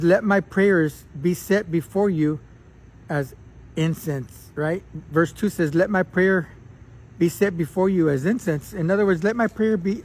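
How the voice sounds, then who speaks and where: High-voiced pastor preaching casually. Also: male voice, darkish tone. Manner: informal and conversational, repeating "right?" and restarting phrases; frequent throat clearing. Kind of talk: casual sermon.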